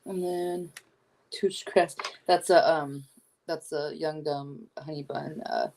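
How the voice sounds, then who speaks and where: A woman's voice: low-pitched, steady tone, slow, creaky, a little mellow, slight background noise. A young woman casually chatting with a guest on a live stream, reading chat aloud and laughing easily. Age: young adult.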